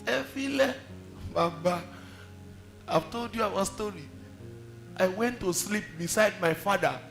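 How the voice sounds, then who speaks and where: A man's voice: sits high, a little slow, fairly bright tone, soft background music. A man with a Nigerian accent preaching a sermon, telling stories and firing off rhetorical questions with emphasis.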